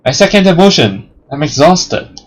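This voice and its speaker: A man's voice: fairly high pitch, normal speed. Joking man reading a game aloud. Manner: joking, laughs at the story, gets loud when excited. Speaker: let's play host. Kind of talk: reading game text aloud with casual commentary.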